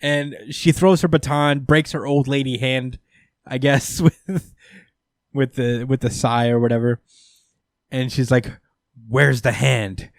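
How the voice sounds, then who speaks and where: A man hosting a podcast, chatting about comics in excited, profane bursts with laughter mixed in. His voice sits mid-range for a man. The close mic gives a dry sound with no room echo. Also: medium pitch, measured pace. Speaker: podcast host. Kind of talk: casual comic-book recap chat.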